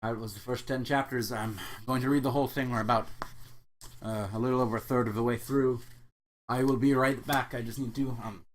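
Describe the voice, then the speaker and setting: A man's voice: medium pitch, steady tone, fairly quick, slight background noise. A man hosting a comedic book reading in a pompous billionaire persona, boastful and self-mocking. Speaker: host reading a novel aloud.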